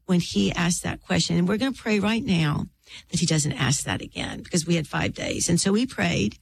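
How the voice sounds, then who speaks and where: A woman's voice: fairly low pitch, creaky, a little hiss or hum. Earnest middle-aged woman telling a faith story. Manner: earnest and heartfelt, drawn-out pauses, preacherly. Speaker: author and interview guest.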